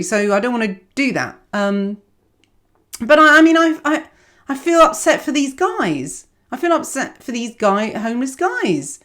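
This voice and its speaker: A woman giving a casual astrology reading, rambling and self-mocking. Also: a little high. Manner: rambling, digressive, self-mocking, laughs often.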